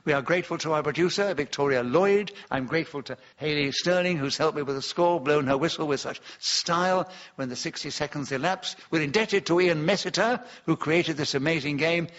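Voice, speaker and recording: A man's voice: on the high side, a little fast, few pauses, fairly bright tone, muffled recording. An older man hosting a radio panel game with courteous, formal announcing before a live audience. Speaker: panel show host.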